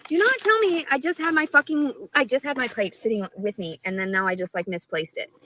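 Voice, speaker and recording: A woman's voice: high-pitched, brisk, sharp tone, slight background noise, rough recording. A woman talking straight to her live stream audience, rambling and swearing a lot, with an aggrieved tone. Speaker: livestreamer.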